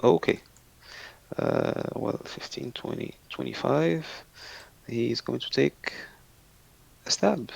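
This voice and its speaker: A man with a heavily gravelly voice plays a tabletop game, muttering uncertainly as he counts out his moves. His voice sits fairly high and swings widely in pitch. He talks slowly. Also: wildly swooping pitch. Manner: unsure, muttering while counting movement. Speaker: player. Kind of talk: casual tabletop game play.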